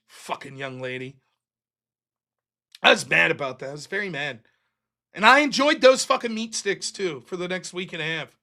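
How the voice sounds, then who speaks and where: A man's voice: a little high, moderate pace, creaky, long pauses. A man hosting a live stream, telling a story in a casual, profane monologue and acting out the other people's lines in a raised voice. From United States. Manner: profane, animated, acts out quotes in raised voices.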